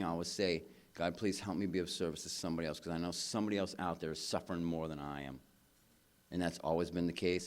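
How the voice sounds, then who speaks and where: A man speaking at a recovery convention, talking in a casual, slangy way from a stage microphone. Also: sits low. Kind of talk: recovery speech.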